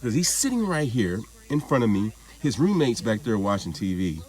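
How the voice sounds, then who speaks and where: A man's voice: lowish voice, very animated, moderate pace, a little mellow. A man talking in a casual monologue vlog, rambling and profane, laughing things off as he goes. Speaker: vlogger.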